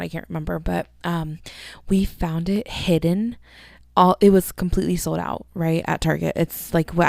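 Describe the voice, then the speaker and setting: Woman podcaster rambling on, cusses a lot, lots of vocal fry, dry close mic. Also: lowish voice, darkish tone, dry recording. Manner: rambling, chatty, swears freely. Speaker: podcast host. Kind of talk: casual solo podcast chat.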